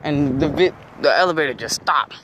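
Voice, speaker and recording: A man's voice: fairly high pitch, moderate pace. Slangy teen guy outdoors by traffic. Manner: slangy, says "bro" after nearly every phrase. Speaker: storyteller. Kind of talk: casual storytime.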